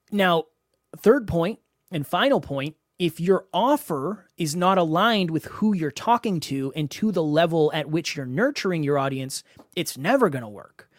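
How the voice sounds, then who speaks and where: A man's voice: a little high, no echo, clean studio sound. A man hosting a solo podcast as a coach, talking emphatically and often repeating words for stress.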